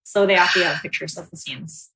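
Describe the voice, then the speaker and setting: A woman from the Philippines, telling stories as a podcast guest in a casual, animated way. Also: fairly low pitch, quick pace, slightly rough. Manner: animated, laughs often, acts out quoted voices. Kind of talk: casual storytelling. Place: home.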